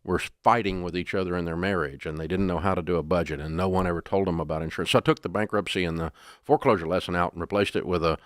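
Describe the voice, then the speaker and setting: Deep-voiced older man, folksy storyteller. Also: rapid-fire, no room sound, studio quality. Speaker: guest. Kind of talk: storytelling interview.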